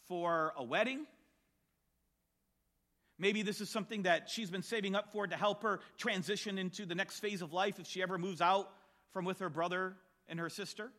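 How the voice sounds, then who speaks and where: A man preaching a sermon, telling a Bible story with animated storytelling and acting out the voices of the people in it. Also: sits high.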